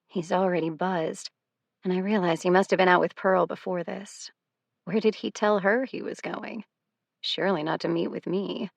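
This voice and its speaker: Woman audiobook narrator, low voice, gravelly fry, first-person reading, dry close mic. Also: steady tone, normal speed, no echo.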